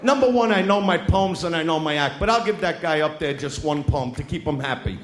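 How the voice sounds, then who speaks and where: Brash, shouting stand-up comic man. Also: fairly high pitch, lively intonation, brisk. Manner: loud, brash, taunts the audience, often shouting. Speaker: stand-up comedian. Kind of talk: crude stand-up routine with crowd work. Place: large live venue with an audience. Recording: echoey live show with crowd noise.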